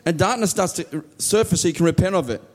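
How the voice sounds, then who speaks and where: A man delivers a sermon in a fairly high voice. He preaches earnestly, often sinking into soft, low tones to stress a point. He voices heartfelt prayers aloud as he goes. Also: fast talker.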